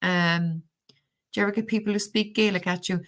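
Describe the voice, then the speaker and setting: A woman's voice: mid-range voice, steady tone, brisk, fairly bright tone. A middle-aged woman with a Cork Irish accent, chatting casually on a livestream, telling stories with lots of fillers and restarts. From Ireland. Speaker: livestream host reading tarot.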